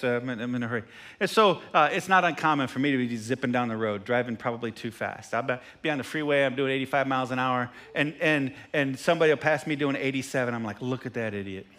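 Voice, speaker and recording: A man preaching a sermon as pastor, animated and jokey, who repeats phrases and asks the congregation questions. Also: medium pitch. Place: church sanctuary.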